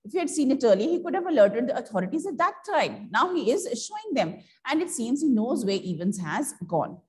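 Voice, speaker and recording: A woman's voice: high voice, sing-song, a little fast, a little mellow. A woman English teacher with an Indian accent reads a story aloud and explains it to her class, asking questions and then answering them herself. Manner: reads dialogue with acted outbursts.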